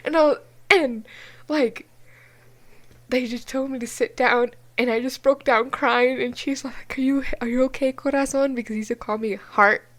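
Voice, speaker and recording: A young woman from New Mexico co-hosting a podcast, telling a story in a casual, animated way with lots of swearing and filler words. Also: fairly high pitch, unhurried. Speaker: podcast co-host.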